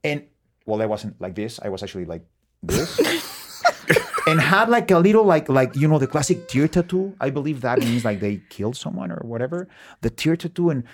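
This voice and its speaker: A middle-aged Mexican man with a Mexican accent, a podcast guest who tells animated stories, acting out quotes and swearing freely. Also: normal speed, slight background noise. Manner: expressive, acts out quotes with big pitch swings, swears freely. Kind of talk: animated storytelling in conversation.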